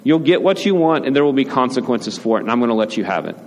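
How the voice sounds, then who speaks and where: The sing-song, medium-pitched voice of a man moves fast as he preaches a chatty sermon; he is an adult, a father, and a pastor. Often checking in with "right?", he acts out short quoted lines in a reverberant hall with faint ambient noise.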